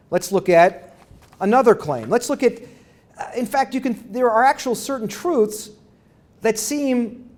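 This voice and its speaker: A high-pitched, darkish-toned voice belongs to a middle-aged university lecturer. During his academic lecture he rambles with frequent restarts and keeps checking with listeners by asking "right?"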